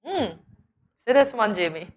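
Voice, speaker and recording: Animated, lively female co-host. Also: fairly high pitch, lo-fi sound, a little hiss or hum. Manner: animated and exclaiming, quick to laugh. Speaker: morning show co-host. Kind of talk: casual studio banter. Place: TV studio.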